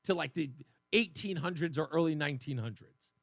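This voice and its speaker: A man's voice: on the high side, brisk, vocal fry, a bit bright, no room sound, studio quality. A man hosting a call-in radio talk show, chatting in a rambling, casual way and laughing easily. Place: radio studio. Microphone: studio microphone.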